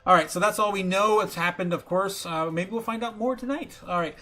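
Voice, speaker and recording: A man hosting a casual livestream, talking excitably with lots of fillers and chuckles. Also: sits high, a little fast. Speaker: livestream host.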